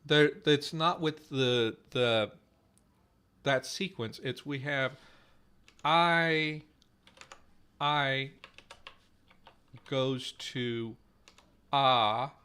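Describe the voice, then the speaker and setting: A man hosting a live stream on building a language, thinking aloud slowly with many fillers, repeating trial words over and over. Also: medium pitch, fairly even intonation, a bit bright, clean tone. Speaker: podcast host running a conlang stream.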